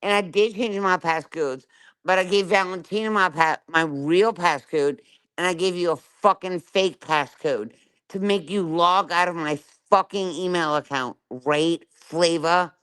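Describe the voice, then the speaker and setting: Middle-aged woman streamer, clear voice, furious and foul-mouthed, hammers every point with "right?". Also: lowish voice, unhurried, a bit bright. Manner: profane, confrontational, keeps asking "right?". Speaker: livestreamer. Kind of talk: angry live-stream rant.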